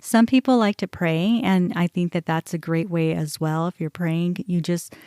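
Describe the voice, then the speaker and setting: A woman's voice: fairly low pitch, fairly even intonation, moderate pace, mellow, clean tone, no room sound, clean studio sound. A woman in her forties hosting a podcast, telling a personal story in a candid, conversational way with lots of casual fillers. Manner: candid, conversational, many "you know" and "like" fillers. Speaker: podcast host.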